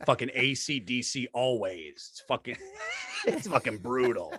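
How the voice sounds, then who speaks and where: A man doing a gruff grumbling sports ranter. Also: mid-range voice, wildly swooping pitch, a little slow, fairly bright tone, pitched below the performer's own voice, exaggerated voice. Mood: grumpy. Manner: grumpy ranting, muttering. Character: gruff grumbling middle-aged male comedian.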